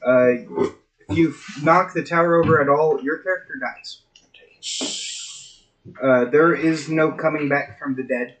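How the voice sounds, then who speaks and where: A man acting as game master, setting an ominous scene with deliberate narration for a tabletop role-playing game. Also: fairly high pitch, fairly even intonation, lo-fi sound.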